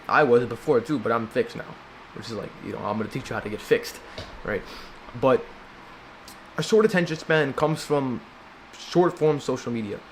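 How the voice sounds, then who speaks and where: A young man in a casual advice vlog, rambling and swearing a lot, full of filler and slang, and now and then mocking people in high squeaky put-on voices. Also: slight background noise. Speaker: self-help video maker.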